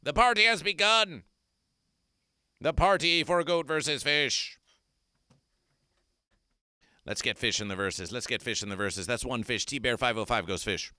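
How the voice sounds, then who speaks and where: Bright, grandiose man proclaiming absurdly. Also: mid-range voice, animated, unhurried, long pauses, dry recording, clean studio sound. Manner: grandiose, repetitive, mock-solemn proclamations. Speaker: comedy performer. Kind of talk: absurdist livestream chat.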